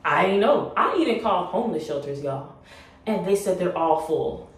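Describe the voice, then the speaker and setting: A young woman talks straight to her viewers in a lowish voice, emotional and half laughing to keep from crying. She sits back from the mic in a very echoey room. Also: animated, normal speed, distant mic. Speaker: vlogger. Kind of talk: personal plea to camera.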